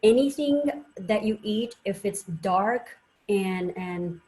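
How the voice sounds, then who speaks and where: A woman's voice: medium pitch, animated, slow pace, dark tone, rough recording. A woman doctor giving a conference presentation, telling personal stories in an earnest way with frequent fillers. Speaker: doctor and guest speaker.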